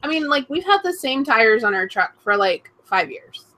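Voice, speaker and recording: A woman co-host on a video call who chimes in with quick, animated remarks. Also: fairly high pitch. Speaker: panel co-host. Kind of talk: casual chat.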